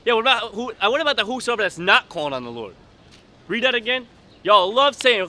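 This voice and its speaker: High, bright-voiced male street preacher. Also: sing-song, fast talker. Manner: rough street vernacular, emphatic and blunt.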